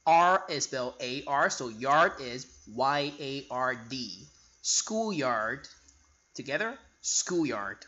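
A man teaching an English spelling lesson, spelling out letters slowly and repeating each word for the learner. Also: mid-range voice, muffled recording. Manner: bright, lively teaching voice.

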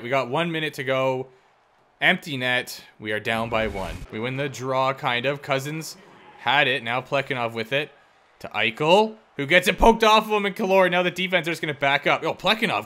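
A young man commentating his own hockey video game play, excitable and self-deprecating, yelling at big plays. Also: fairly high pitch. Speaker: gaming YouTuber. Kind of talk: live gameplay commentary.

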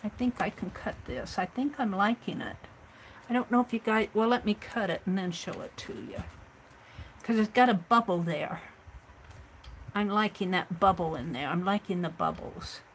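A woman's voice: medium pitch, lively intonation, moderate pace, slight background noise, poor audio. A woman hosting a craft livestream, chatting casually and thinking aloud as she works on an art journal.

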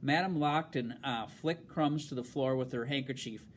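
A man reading a novel aloud in a halting way, stumbling over words and filling pauses with um and uh. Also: medium pitch, a little hiss or hum. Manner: halting, with fillers and restarts. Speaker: reader.

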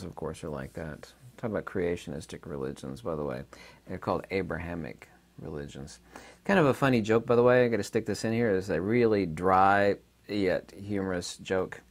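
A man hosting his own channel, giving an unscripted, rambling philosophy talk full of fillers and asides. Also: fairly low pitch. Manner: rambling, digressive, with frequent fillers. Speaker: channel host.

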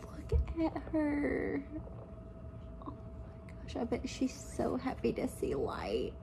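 A woman unboxing on camera at home, her voice swinging widely in pitch while she speaks at an unhurried pace. She gushes with repeated exclamations, addressing her viewers as "guys". The recording carries noticeable background noise and the crinkle of packaging. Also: huge pitch swings, vocal fry. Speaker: plant vlogger. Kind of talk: casual unboxing vlog. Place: living room at home. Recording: noisy, crinkling packaging behind.

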